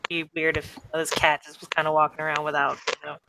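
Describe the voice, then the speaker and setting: A woman's voice: low voice, monotone, quick pace, creaky, background noise. A woman playing a tabletop game, talking casually and swearing freely. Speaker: player.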